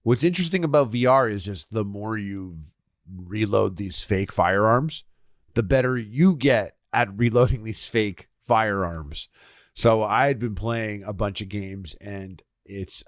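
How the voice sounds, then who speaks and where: A man in his thirties, podcast co-host, chatting casually and telling animated stories with sudden loud shouts when he quotes himself. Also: fairly low pitch, normal speed, dry recording, studio quality. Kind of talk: casual chat.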